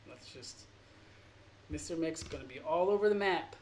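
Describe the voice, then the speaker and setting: Male art teacher, slightly high voice, earnest and rambling, gets emotional; faint background noise. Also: lively intonation, normal speed, a little mellow. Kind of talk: informal drawing lesson monologue.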